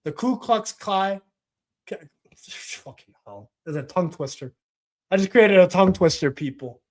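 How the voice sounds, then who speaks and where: Man, live stream host, match watch-along, profane, ranting, fairly high voice. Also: animated, a little slow.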